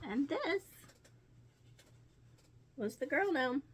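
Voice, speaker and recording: Very slowly and with lively intonation, a high-voiced woman walks viewers through her quilting and sewing projects from the week. It's a casual crafting-vlog narration covering each piece in sequence.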